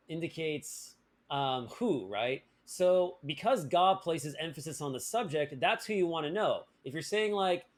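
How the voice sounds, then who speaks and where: A man with a fairly high voice runs a live-streamed grammar lesson. He jokes and teases his viewers, restarting sentences and leaning on fillers as he explains. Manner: playful, joking, with many fillers and restarts. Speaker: language teacher.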